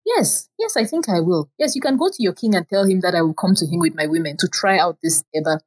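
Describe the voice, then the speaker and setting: An eager, insistent folk-tale queen, voiced by a woman reading the story. She pleads and repeats herself, her pitch lifted a little above the narration and her voice slightly husky. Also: expressive, fast talker.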